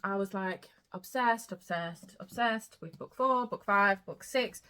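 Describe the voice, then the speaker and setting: A woman's voice: medium pitch, measured pace, sharp tone. A young woman chatting casually about books she read, gushing and emotional, swearing freely. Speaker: book vlogger. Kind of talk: casual chat.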